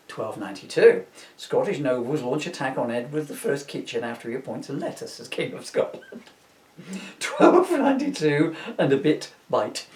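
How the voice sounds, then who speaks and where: A man's voice: mid-range voice, darkish tone. A middle-aged man reading his own comedy book aloud, chuckling at his jokes and breaking off into chatty asides. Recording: roomy, distant from the mic.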